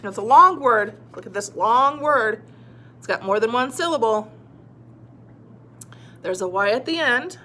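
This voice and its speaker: A woman's voice: on the high side, expressive, unhurried, long pauses, pushed and bright, a little hiss or hum. A woman teaching a phonics lesson to young children, patiently sounding words out and cheering them on. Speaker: reading teacher.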